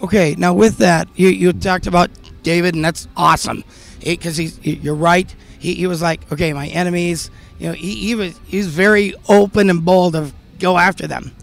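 Guy w a high gravelly voice asking faith questions, keeps restarting. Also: fairly even intonation, moderate pace, soft background music. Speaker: interviewer. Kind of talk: faith interview, casual questions.

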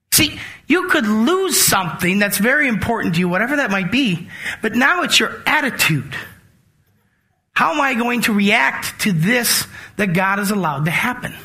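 High, bright-voiced male preacher. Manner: conversational, animated preaching with acted-out asides. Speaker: pastor. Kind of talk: sermon.

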